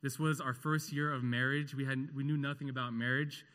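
Male pastor, mid-range voice, preaching slowly with passion, moves between booming questions and gentle near-whispers; long room echo. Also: little pitch movement. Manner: impassioned, swinging from loud rhetorical questions to hushed tenderness. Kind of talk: sermon.

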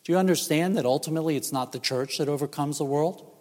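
A man preaching a sermon as pastor, emphatic and measured, with rhetorical questions. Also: a little high, a little mellow. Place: church sanctuary. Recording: church hall reverb.

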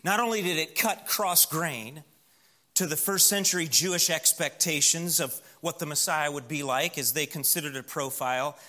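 A man's voice: fairly high pitch, moderate pace, sharp tone. A man preaching a sermon in a church, building emphatic lists and acting out quoted voices in an anecdote. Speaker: pastor.

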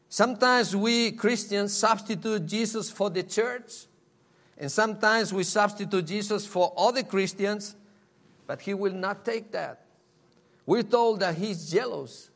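Male preacher, fairly high voice, earnest, repeats lines, asks rhetorical questions. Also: fairly bright tone. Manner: earnest, repeats key phrases for emphasis. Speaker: pastor. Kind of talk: sermon.

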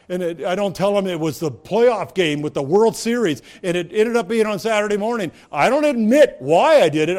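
A man's voice: high voice, expressive, normal speed, few pauses, a little mellow. A man preaching a sermon in a conversational way, asking rhetorical questions and rising to emphatic peaks. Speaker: pastor.

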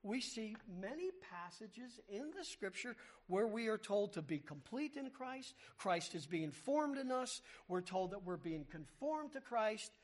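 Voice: mid-range voice, sing-song, unhurried, few pauses. A preacher giving an expository sermon, explaining word meanings with emphasis, repeating key words and asking rhetorical questions.

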